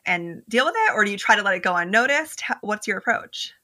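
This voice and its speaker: A woman's voice: medium pitch, animated, quick pace, pushed and bright. A woman co-hosting a podcast, asking a string of follow-up questions. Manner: asks stacked follow-up questions. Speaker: podcast co-host. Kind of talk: casual interview chat.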